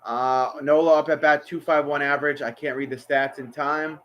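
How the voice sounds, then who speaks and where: A man's voice: a little high, fairly even intonation, moderate pace, fairly bright tone, lo-fi sound. Anxious man calling a ball game. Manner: anxious, talks to the players, bursts out on big plays. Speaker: fan doing his own play-by-play. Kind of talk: amateur live play-by-play commentary.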